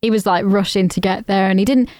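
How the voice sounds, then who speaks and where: A woman's voice: medium pitch, fairly even intonation, quick pace, darkish tone, no echo. Woman, casual podcast chatter. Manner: chatty anecdotes with filler words. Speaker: podcast co-host. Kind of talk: casual chat.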